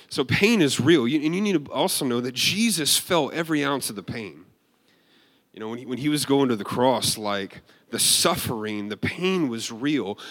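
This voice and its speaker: During his sermon, a medium-pitched male preacher shares a personal story. His animated, conversational delivery includes frequent restarts.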